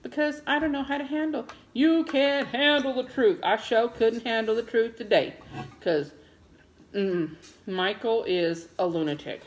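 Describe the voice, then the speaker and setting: A woman's voice: fairly high pitch, unhurried, slight background noise. A middle-aged woman, chatting casually and dramatically to her vlog viewers from home. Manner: animated, dramatic storytelling. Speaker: vlogger.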